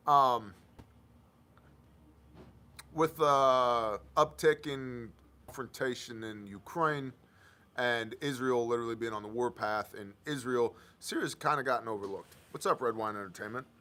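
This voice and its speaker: A man's voice: medium pitch, sharp tone. A man hosting a live stream, reading news aloud and riffing on it with sarcastic, offhand comments. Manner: sarcastic, loose, reads headlines aloud then riffs.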